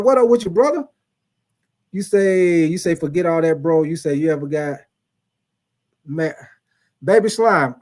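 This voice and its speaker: A man's voice: fairly high pitch, a little mellow. A man casually hosting a live sports stream, chatting loosely, repeating himself and talking straight to his viewers. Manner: chatty, reads out viewer comments, addresses chat as y'all; informal, repetitive, many fillers.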